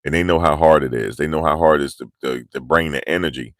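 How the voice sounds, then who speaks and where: Deep-voiced man vlogging live outdoors. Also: fast talker, no echo. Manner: animated, slangy, pushing energy. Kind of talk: live street commentary. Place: outdoors in cold, rainy weather.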